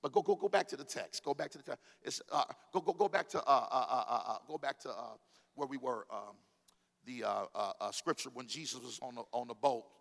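A man giving a sermon as a pastor, preaching with call-and-response and sudden loud bursts. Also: mid-range voice, a little fast, vocal fry, in a large hall.

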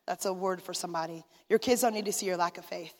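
A woman's voice: fairly low pitch, fast talker. Lady preaching her testimony, heartfelt storytelling, long reverb hanging in a big hall. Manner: emotional storytelling, talking straight to the listeners. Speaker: minister's wife giving testimony. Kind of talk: sermon testimony.

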